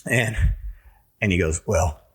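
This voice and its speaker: Deep-voiced man telling stories. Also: moderate pace. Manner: folksy, rambling, many fillers and restarts. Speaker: winery owner. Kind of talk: casual storytelling in a podcast interview.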